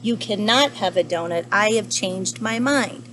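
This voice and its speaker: A woman's voice: medium pitch, animated, unhurried, noisy background, close to an everyday voice. A woman voicing a grumpy male panda who bluntly refuses to hand over his donuts, read aloud from a storybook. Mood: refusing.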